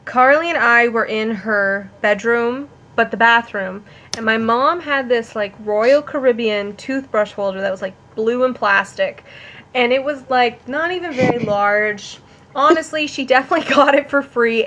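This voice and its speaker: A woman's voice: a little high, fairly bright tone, low-quality recording. A woman in her twenties, co-hosting a podcast, chatty and dramatic as she recounts a childhood mishap. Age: 20s. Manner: chatty, self-described dramatic. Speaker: podcast co-host. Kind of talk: casual chat.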